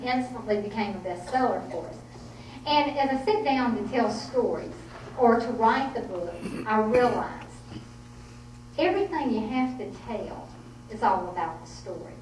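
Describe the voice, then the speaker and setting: Middle-aged Southern woman, author at a podium, folksy humorous storyteller; roomy, distant sound. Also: medium pitch. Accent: Southern American. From Southern United States. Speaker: author giving a talk. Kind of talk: storytelling talk. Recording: echoey room, distant mic, faint noise.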